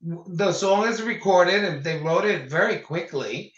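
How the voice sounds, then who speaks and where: High, bright older man telling stories. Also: a little slow. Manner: animated storyteller, acts out quotes. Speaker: singer recalling his career. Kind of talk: casual interview conversation. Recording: echoey dull lo-fi sound.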